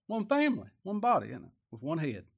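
A man preaching a sermon in a folksy way, asking rhetorical tag questions and moving between loud emphatic lines and quiet, slowed asides. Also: on the high side, wildly swooping pitch, creaky, husky.

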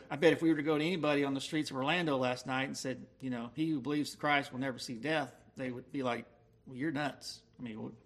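Guy preaching, kinda high voice, leans hard on key words. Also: fairly bright tone. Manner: emphatic, slows to stress key words. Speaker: pastor. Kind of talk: expository sermon.

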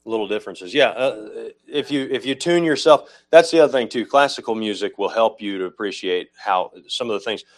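Casting: lower-voiced male preacher, teaching sermon, patient and explanatory, self-correcting. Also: a little fast, few pauses. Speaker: pastor.

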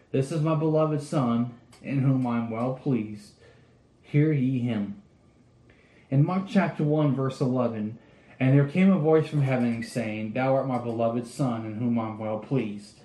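Male preacher, earnest sermon delivery, dark mellow tone, reverberant room. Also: mid-range voice. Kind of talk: sermon reading Bible verses.

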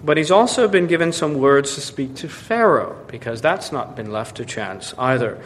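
A man's voice: lively intonation, moderate pace, a bit bright. A man preaching an expository sermon, emphatic and given to repeating words as he restarts. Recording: long hall reverb with faint rumble.

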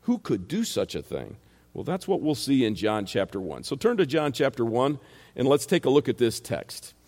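A man's voice: medium pitch, sing-song, moderate pace, a little mellow. A man with a rural American accent preaches verse by verse in an emphatic voice that sits in the middle of the male range. He drives his points home with rhetorical questions. His voice rings out with a long reverb, as if from a church sanctuary. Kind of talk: expository sermon.

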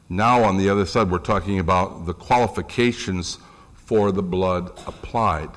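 A middle-aged man preaching a sermon, animated, rising in pitch for emphasis and asking the congregation questions.

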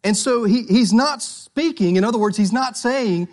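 A man's voice: very high voice, moderate pace, hardly any pauses. A man preaching a sermon to a congregation, repeating key phrases with emphasis and putting questions to his listeners. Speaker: pastor.

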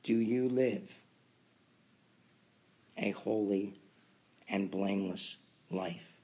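A man preaching a sermon as pastor, building to emphatic loud peaks and then dropping to quiet asides. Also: lowish voice, steady tone, extremely slow, husky.

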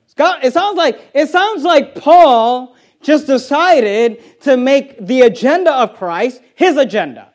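Pastor, male, strikingly high pitch; emphatic, combative pulpit delivery that drives points home by repetition. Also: expressive, slow pace. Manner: emphatic and confrontational, repeats key phrases. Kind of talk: sermon.

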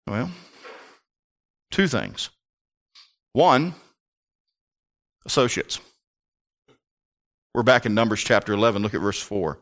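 A man preaching a sermon with passion, rising to near-shouts and firing rhetorical questions at the congregation. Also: mid-range voice. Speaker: pastor.

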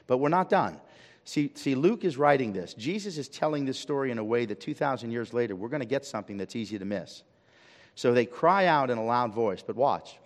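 A man preaching a sermon as pastor, swinging from loud emphatic peaks to quiet low pleading and asking the congregation rhetorical questions. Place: church sanctuary. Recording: long reverb of a church hall.

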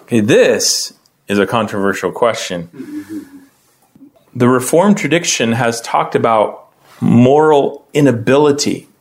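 Chatty man teaching a Bible class. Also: a little slow. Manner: conversational, calls on people by name to read; lively, often rising in pitch when explaining.

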